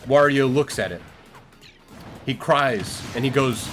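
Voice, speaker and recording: A man's voice: medium pitch, slow pace, long pauses, fairly bright tone, faint music behind. A young man live-streaming, improvising a silly story in a rambling, playful way and talking straight to his chat.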